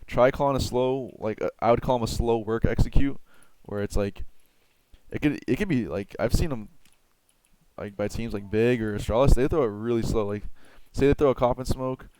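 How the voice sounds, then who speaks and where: A man's voice: medium pitch, moderate pace, darkish tone, smooth, no room sound. A man giving casual game strategy tips, rambling with lots of filler words and the odd swear. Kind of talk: casual tutorial talk.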